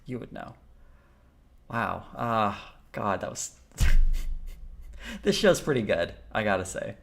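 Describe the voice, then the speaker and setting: A man's voice: on the low side, lively intonation, takes it slowly, gravelly. A man streaming live, chatting and reacting in a rambling, amused way.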